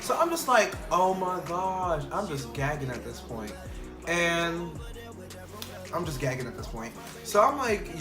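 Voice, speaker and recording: A young man telling a casual storytime vlog, animated and full of fillers, acting out the people in his story. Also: fairly high pitch, a little slow. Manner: animated, quotes people in changed voices, many fillers. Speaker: vlogger. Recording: echoey room with faint music.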